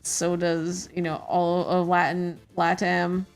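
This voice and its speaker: Rambling casual woman streamer, lowish voice. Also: monotone, slow pace, vocal fry, clear, resonant tone, faint music behind. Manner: rambling, hesitant, many fillers, giggly. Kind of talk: casual chat while drawing.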